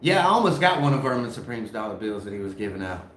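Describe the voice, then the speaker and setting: A man's voice: fairly low pitch, sing-song, fast, a bit bright. A man co-hosting a casual podcast, joking and laughing often. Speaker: co-host. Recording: echoey room with faint background noise.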